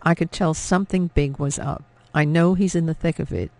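A man voicing a warm, worried old Frenchwoman. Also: on the high side, steady tone, normal speed, no room sound, close to an everyday voice. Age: older. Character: warm old French woman sheltering airmen.

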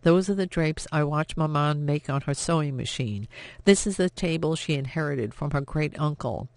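A man voicing a headstrong young woman of nineteen, impassioned and sharp as she stands up to her father. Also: a little high, moderate pace, gravelly, dry recording. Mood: defiant.

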